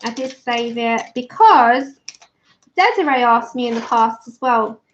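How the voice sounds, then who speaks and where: A woman chats through a colouring livestream. She tells a mishap as an animated story, voicing everyone in it and laughing along. Her voice sits a little high and comes through a somewhat dull, muffled recording. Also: a little slow, a little hiss or hum. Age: 30s. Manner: chatty, laughs often, acts out her own story in quoted voices. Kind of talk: casual chat while colouring on a livestream.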